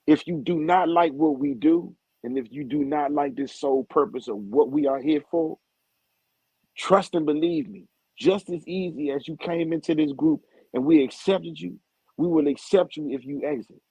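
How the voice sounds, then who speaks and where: A man's voice: on the high side, animated, normal speed, creaky, mellow, husky, no echo. Blunt, cursing man hosting a live stream. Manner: blunt, profane, emphatic. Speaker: group admin and host. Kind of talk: live-stream group talk. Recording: dull lo-fi stream audio.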